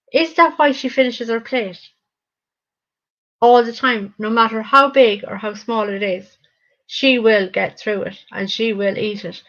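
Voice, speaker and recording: A woman host gives reaction commentary in a reflective, slightly hesitant way. Her voice is a little high-pitched. The recording sounds dull and lo-fi. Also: a bit bright.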